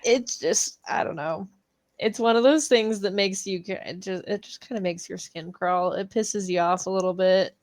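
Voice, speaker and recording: A young adult woman co-hosting a book club podcast, speaking slowly and laughing through emotional moments. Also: medium pitch, darkish tone, dry recording. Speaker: podcast co-host. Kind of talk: casual book club chat.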